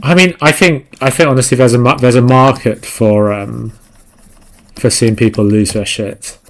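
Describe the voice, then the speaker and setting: A man talks loosely over his digital painting on a live stream, rambling and sweary with a self-mocking edge. His voice sits in a middle range with a gravelly, creaky grain. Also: mid-range voice, steady tone, moderate pace. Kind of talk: casual live-stream chat while painting.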